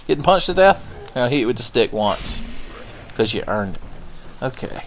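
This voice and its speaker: A man's voice: medium pitch, big pitch swings, moderate pace, long pauses, slight background noise. A man giving casual, profane, sarcastic commentary while playing a video game. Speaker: gameplay commentator. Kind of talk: casual let's-play commentary.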